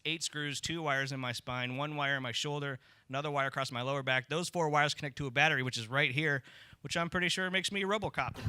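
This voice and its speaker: A man's voice: on the high side, pushed and bright, smooth. A man doing a stand-up comedy set in a club, telling stories in a wry, conversational way. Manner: wry, conversational storytelling with tag lines. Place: comedy club stage with audience laughter.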